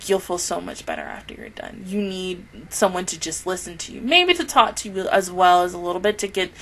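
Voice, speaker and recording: Earnest, rambling woman with a lowish voice. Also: sing-song, a little fast, a bit bright, slight background noise, low-quality recording. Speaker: anime reaction YouTuber. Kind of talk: casual spoken review to camera.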